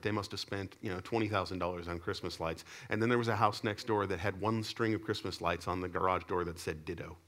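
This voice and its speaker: A man with a somewhat low voice delivers a sermon, weaving stories into his message. He jumps between loud emphatic lines and low, quiet asides, keeping the telling lively. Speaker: pastor. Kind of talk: sermon with storytelling.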